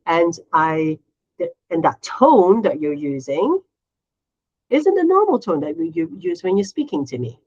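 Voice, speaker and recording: A middle-aged woman co-hosting a casual chat, animated, often acting out quotes in a higher voice. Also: a little slow, husky, dull audio. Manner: animated, acts out quotes in a high voice. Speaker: podcast co-host.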